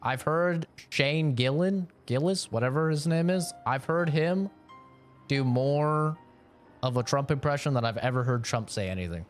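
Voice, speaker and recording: A man's voice: on the high side, unhurried, faint music behind. Young man streamer, joking and swearing. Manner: loose, joking, swears freely and laughs often. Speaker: gaming streamer. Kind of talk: casual live-stream chat, reading chat requests.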